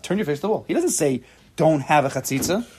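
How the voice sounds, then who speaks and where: A man's voice: fairly high pitch, expressive, a crowd in the background. Man teaching a Talmud class. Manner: thinks aloud, quick restarts, reads text aloud. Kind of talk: casual shiur teaching.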